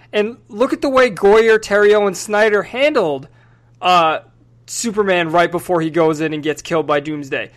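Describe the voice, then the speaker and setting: A man hosting a casual film podcast, talking through scenes analytically and acting out bits with energy. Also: high-pitched. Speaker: podcast host.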